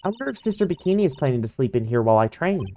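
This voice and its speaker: A woman's voice: extremely low pitch, very animated, racing, mellow, exaggerated voice. A woman voicing a playful, teasing nineteen-year-old girl in a game fan dub.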